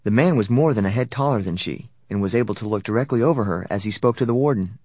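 A man narrating a novel in a steady, even storytelling voice that sits low. The recording is dry and close, with no room around it. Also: fast talker, few pauses, no echo. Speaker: audiobook narrator. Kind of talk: scripted narration.

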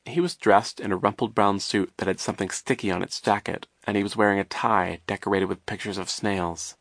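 A man with a lowish voice reads an audiobook in a wry, measured way. The recording is dry and close, with no room sound. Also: fairly even intonation, a bit bright, dry recording. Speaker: narrator. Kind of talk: audiobook narration.

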